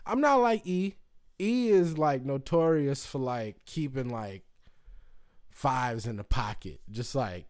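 A man from Indiana talks to his viewers in loose, rambling chat. His everyday voice sits in a middle range, but he swears freely and often jumps into high, excited whoops. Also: slow pace. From Indiana, United States. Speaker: vlogger. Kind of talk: casual chat.

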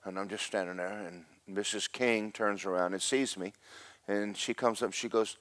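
A middle-aged man preaching a sermon, telling a story in loud bursts that drop to hushed asides. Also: lowish voice, fairly even intonation, moderate pace, dry recording. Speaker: pastor.

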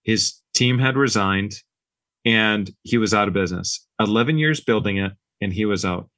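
A business owner, appearing as a guest on a podcast, casually tells stories about running his company, performing the dialogue as he goes. His voice sits on the low side at a normal speed, and the recording has no echo. His delivery is relaxed and anecdotal.

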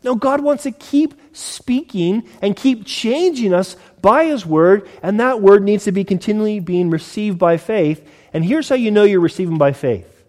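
A man's voice: high voice, lively intonation, moderate pace, darkish tone. A man preaching a conversational sermon as pastor, acting out little scenes in different voices. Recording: long hall reverb.

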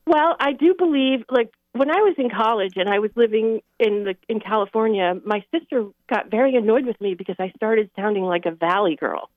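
A woman's voice: on the high side, fairly quick, hardly any pauses, no room sound. A woman calling in to a radio show, talking thoughtfully with many fillers. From Midwest. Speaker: caller. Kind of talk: call-in radio chat. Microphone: telephone. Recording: tinny phone line.

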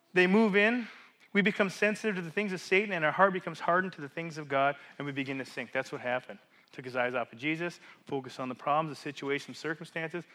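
A male pastor preaching in a church with a high, bright, forceful voice. He talks in animated rhetorical questions and swings from loud emphasis to hushed, quiet drops. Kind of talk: sermon.

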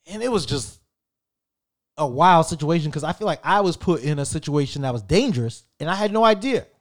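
Lively, profane man telling a story. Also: on the high side, brisk. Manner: animated, profane, slangy and conversational. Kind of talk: casual storytelling.

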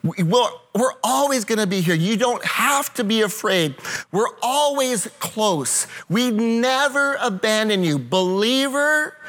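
A pastor with a high-pitched voice preaches a sermon in an earnest tone. The man slows right down to stress each point, then rattles quickly through a family story. He sounds to be in his thirties or forties. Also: a bit bright. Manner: earnest, shifts between slow emphatic lines and quick storytelling.

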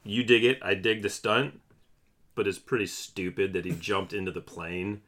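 A man's voice: low voice, fairly even intonation, normal speed, fairly bright tone. A man co-hosting a casual chat, laid-back and profane, laughing often as he talks.

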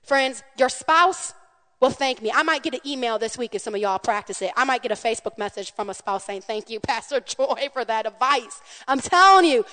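A woman pastor preaching a conversational sermon, telling stories with animation and calling out to the congregation. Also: a little high. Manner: animated storytelling, calls out to the congregation. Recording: long hall reverb.

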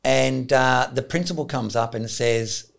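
A man hosting a podcast interview, asking questions in a measured, reflective way with frequent fillers. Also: medium pitch, vocal fry. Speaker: podcast host.

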